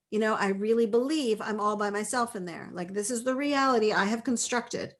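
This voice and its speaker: A woman in her forties leading a live online class, reading out chat replies in a gentle, affirming way and laughing often. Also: medium pitch, fairly even intonation, a little fast, vocal fry, hardly any pauses. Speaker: course leader.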